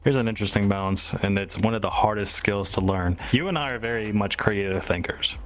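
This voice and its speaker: Low-voiced man with a Southern accent. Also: fairly quick, soft background music. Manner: reflective, thinking out loud with fillers. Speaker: podcast co-host. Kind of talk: casual podcast chat.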